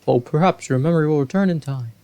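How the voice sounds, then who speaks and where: A man voicing an aged, huge male fish-folk king in a video game, speaking formally and slowly. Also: fairly high pitch, warm tone, clean tone, voice pushed up, close to an everyday voice. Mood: regal. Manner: formal, stately, slow and courtly.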